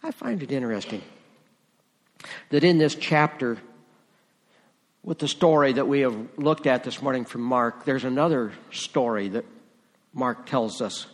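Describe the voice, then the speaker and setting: A man's voice: medium pitch, a little slow, pauses often, big-room sound. A man preaching a sermon as pastor, conversational and rising to emphatic moments.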